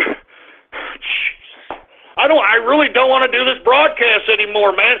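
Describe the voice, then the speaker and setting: A man's voice: extremely high pitch, normal speed, gravelly, long pauses. A male talk radio host, exasperated and swearing, rambling with restarts through a live on-air rant from his office. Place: home office. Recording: tinny phone-like radio stream.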